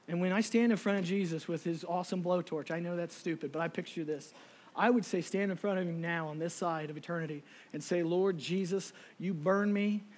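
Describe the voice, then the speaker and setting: A middle-aged man preaching a sermon emotionally, moving from soft, near-tearful passages to shouted appeals. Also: high voice. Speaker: lay preacher.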